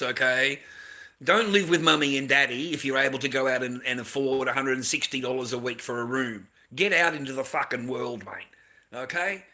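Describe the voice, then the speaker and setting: Middle-aged aussie bloke ranting at his viewers, swearing nonstop, tense sharp voice a bit high. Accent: Australian. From Australia. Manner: profane, rambling, lecturing. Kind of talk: casual rant to viewers.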